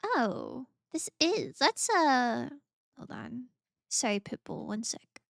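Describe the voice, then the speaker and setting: Bubbly high-voiced woman streamer. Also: wildly swooping pitch, slow, vocal fry, dry recording, clean studio sound. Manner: bubbly, gushing, laughs often. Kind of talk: casual gaming stream chat.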